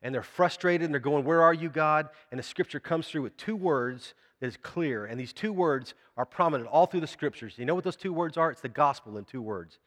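A man's voice: fairly high pitch, animated, a little fast, few pauses. Man preaching in an echoing church. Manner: conversational preaching, asks the congregation questions. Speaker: pastor. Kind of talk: sermon.

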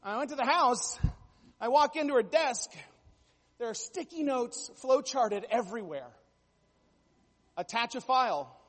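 High-voiced man preaching in a reverberant hall. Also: animated, a little slow, pauses often. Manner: storytelling, jokey asides, rising to emphatic bursts. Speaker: pastor. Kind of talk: sermon.

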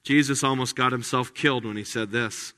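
A male pastor preaching in a large hall, his bright, forceful voice trailing a long reverb. He preaches with energy and acts out the lines he quotes. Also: medium pitch, fairly even intonation, brisk. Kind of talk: sermon.

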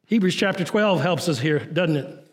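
A man delivers a sermon in a notably high voice, his intensity rising on urgent lines and sinking low and quiet on others. The sound carries a long reverb, as if recorded in a large hall. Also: animated, moderate pace. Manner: preaching with rising and falling intensity, dropping low and soft on key lines. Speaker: pastor.

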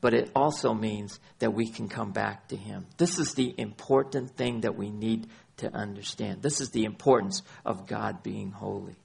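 Gravelly-voiced male pastor preaching. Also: fairly low pitch, steady tone, normal speed, few pauses, a little mellow. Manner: repeats phrases for emphasis; cites scripture chapter and verse. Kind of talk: sermon.

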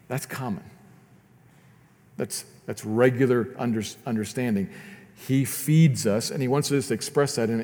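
A man's voice: lowish voice, mellow. Earnest male pastor in a reverberant hall. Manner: earnest, repeats words while building points. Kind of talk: sermon.

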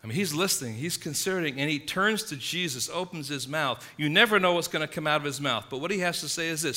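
A man preaching a sermon, emphatic, swinging between loud stresses and hushed asides. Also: fairly high pitch, animated, brisk, hardly any pauses. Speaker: pastor.

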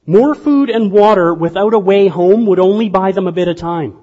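A male preacher with a fairly high, husky voice delivers a lively, conversational sermon that jumps from hushed asides to loud outbursts. The sound is dull and lo-fi, with a long reverb trailing off the walls of a large hall. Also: normal speed, hardly any pauses. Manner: animated, conversational preaching with sudden bursts of volume. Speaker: pastor.

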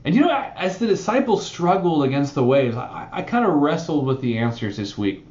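A man's voice: fairly high pitch, a little fast, echoey room, lo-fi sound. A man preaching a sermon, talking conversationally and often adding "right?" as he explains a Bible passage. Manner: conversational, animated preaching with frequent "right?" asides. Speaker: pastor.

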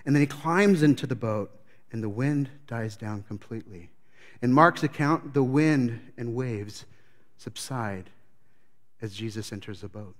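A man's voice: medium pitch, expressive, unhurried. A man preaching a sermon as pastor, telling the story with animation and acting out scenes.

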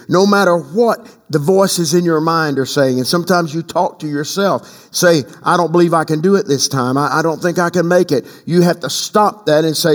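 A man's voice: a little high, moderate pace, few pauses. An older man preaching a sermon as pastor, emphatic, leading the congregation in call-and-response. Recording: long hall reverb.

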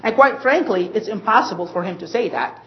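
A woman's voice: medium pitch, lively intonation, lo-fi sound, slight background noise. Emphatic woman preaching. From Egypt. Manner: emphatic, slows and stresses quoted scripture. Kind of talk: sermon.

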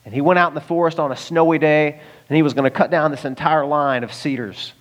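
A man's voice: a little high, fairly even intonation, quick pace. A man from the United States preaching a sermon in a conversational way, with chuckles and direct asides to the listeners. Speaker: pastor.

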